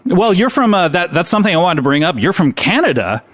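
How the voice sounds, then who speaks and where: A man's voice: sits high, big pitch swings, quick pace, fairly bright tone. A man hosting a podcast, casual comedic interview chat full of teasing asides. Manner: joking, teasing, playful asides. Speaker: podcast host.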